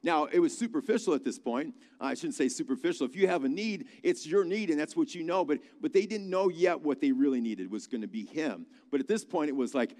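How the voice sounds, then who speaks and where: A man preaching a conversational sermon, telling a Bible story with lively asides. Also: on the high side, brisk, few pauses. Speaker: pastor. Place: large church hall. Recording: reverberant hall.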